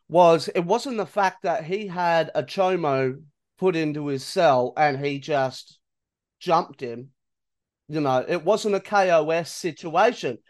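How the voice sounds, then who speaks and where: A high-voiced man on a casual podcast, talking things through in a conversational, questioning way. He swears casually as he chats. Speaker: podcast co-host.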